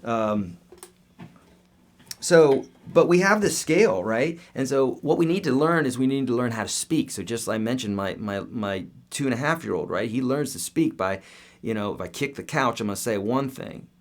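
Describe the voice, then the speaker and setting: A man's voice: mid-range voice, lively intonation, normal speed. A man in his thirties, a guitar teacher answering viewer questions in a casual, upbeat live-stream lesson. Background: guitar playing.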